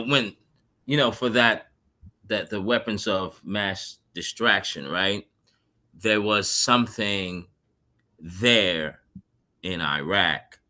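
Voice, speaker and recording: A man sitting in on a podcast panel, talking in a loose, rambling way full of "you know" and "right?" asides. His voice has a very bright, sharp edge. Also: deep voice. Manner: rambling, many fillers like "you know" and "right?", laughs at his own points. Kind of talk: casual panel discussion.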